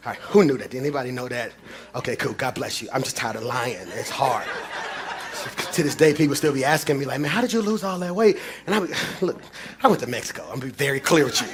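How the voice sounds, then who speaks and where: High-voiced preacher man. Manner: swings between shouted preaching and low confiding talk. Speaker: pastor. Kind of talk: sermon. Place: church before a congregation.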